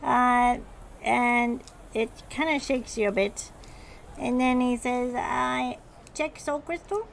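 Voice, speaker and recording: Woman running a tabletop game, slow and halting, gravelly voice. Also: fairly high pitch, fairly bright tone, a little hiss or hum. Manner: hesitant, full of pauses. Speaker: game master.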